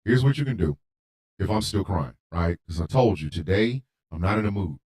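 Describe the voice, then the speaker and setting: A man hosting a radio show, delivering a heated monologue with emphatic repetition and occasional shouting. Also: low voice, animated, moderate pace. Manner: emphatic, repeats lines for force; rants, at times shouting.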